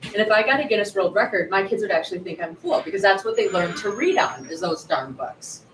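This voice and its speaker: Woman, 40s, author guest at a live event; lively, acts out quotes; mic a bit far, roomy echo, faint hiss. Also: mid-range voice, brisk. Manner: lively, animated storyteller acting out quotes. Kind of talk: storytelling at a live book event. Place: bookshop event space.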